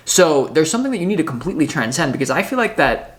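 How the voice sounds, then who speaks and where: A man's voice: fairly high pitch, big pitch swings, fast talker, fairly bright tone. A man giving a solo tarot reading in a loose, rambling way, often correcting himself mid-sentence. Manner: rambling, self-correcting, spiritual talk. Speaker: tarot reader.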